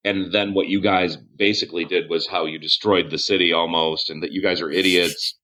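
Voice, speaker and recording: A man's voice: low-pitched, fairly even intonation, normal speed, sharp tone. A man narrating as game master of a tabletop game, casual and swearing, laughing often.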